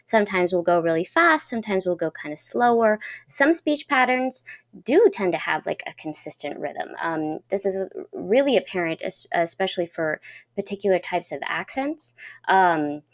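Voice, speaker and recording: A woman coaching a voice acting class, talking in a chatty, clear-toned way with lots of fillers. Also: fairly low pitch, very animated, moderate pace. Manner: chatty, laughs often, many fillers. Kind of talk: teaching a class. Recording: dull lo-fi recording.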